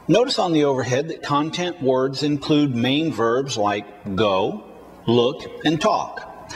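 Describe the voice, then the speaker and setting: A man teaching an English lesson in a deliberate, carefully enunciated way, leading learners through words to repeat. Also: a little high. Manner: clearly enunciated, drills words for repetition. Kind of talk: slow, deliberate lesson narration.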